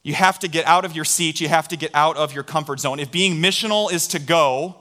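Bright-voiced male pastor preaching. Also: on the high side, a little fast. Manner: storytelling, animated, drawing in the congregation. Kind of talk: sermon.

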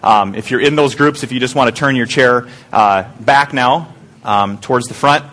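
A man's voice: mid-range voice, normal speed, a bit bright. A man preaching a conversational sermon to a church group in small pods, often asking the room questions. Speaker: pastor.

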